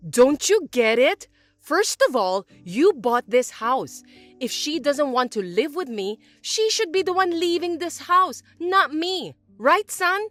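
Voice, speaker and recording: A bossy older mother-in-law, voiced by a woman reading the story, talks in a high, lively, swooping voice. She sounds indignant and self-pitying. Soft music plays faintly underneath. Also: slow pace, no room sound, exaggerated voice. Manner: indignant, accusing, whiny.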